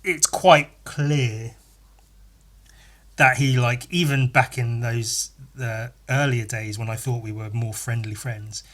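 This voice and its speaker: A man's voice: medium pitch, steady tone, slow, a bit bright. A man hosting a podcast in a casual, profane, rambling rant, exasperated and often laughing. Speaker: podcast host. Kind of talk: casual ranting monologue.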